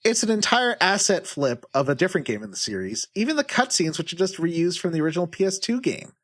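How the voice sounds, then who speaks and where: Lively man reading reviews on a podcast. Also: sits high, fast. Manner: animated, reads reviews in a lively sing-song way, hums while searching. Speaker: podcast host running a guessing game. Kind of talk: casual podcast chat, reading user reviews aloud.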